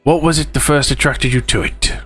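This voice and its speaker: A folksy old traveling peddler, as a man puts him on rambles along in a drawling, homespun way, his put-on wandering as he goes. The voice sits at a middling pitch, recorded close and dry. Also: steady tone, fairly quick, a bit bright, slightly rough, no echo, soft background music. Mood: chatty. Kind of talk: let's play voice reading.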